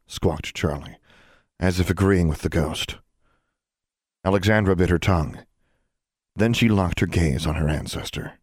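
A man narrating a storybook in a steady, measured way. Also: low voice, no room sound, studio quality. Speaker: audiobook narrator.

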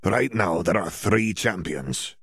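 A man's voice: low-pitched, animated, takes it slowly, fairly bright tone, breathy edge, no echo, clean studio sound, full character voice. A man reading an audiobook voices an earnest young male student wizard who talks in stiff, formal phrasing with hesitations. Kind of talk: audiobook character voice.

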